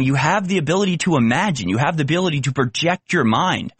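A man's voice: on the high side, expressive, fast, slightly rough, no echo. Sarcastic ranting male commentator. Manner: sarcastic, ranting, rhetorical questions. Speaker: commentary show host. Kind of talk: opinion commentary.

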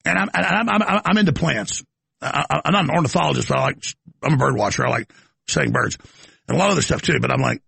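A man's voice: mid-range voice, lively intonation, rapid-fire, vocal fry, a bit bright, husky, dry recording. A man hosting a commentary show, ranting in a mocking, sarcastic way.

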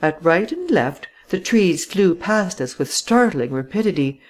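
A reader giving measured, dramatic first-person audiobook narration. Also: medium pitch, lively intonation.

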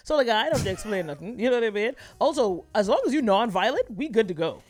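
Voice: mid-range voice, very animated, quick pace. A podcast co-host in casual chat, laid-back, with dry humor and trailing laughs.

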